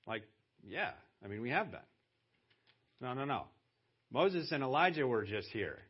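A man's voice: mid-range voice, very animated, measured pace, long pauses, husky. A man preaching a sermon as pastor, talking conversationally and then pressing hard on key words for emphasis. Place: church. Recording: dull lo-fi church sermon audio.

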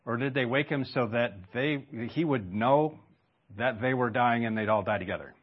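A man's voice: mid-range voice, moderate pace, muffled recording. A man preaching a sermon in a conversational way, stopping for rhetorical questions and asides. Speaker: pastor.

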